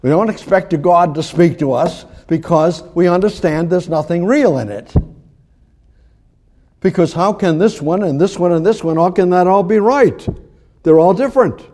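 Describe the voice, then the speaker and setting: A man preaching a sermon in an animated, rambling way, often restarting his sentences. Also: high voice, moderate pace.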